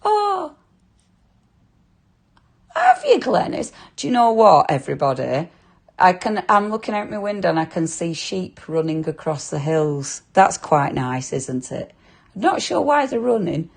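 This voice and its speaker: Her voice sits on the low side, sing-song and creaky, at a moderate pace. This Lancashire woman talks viewers through a live craft demonstration, chatting freely and tacking tag questions onto her sentences.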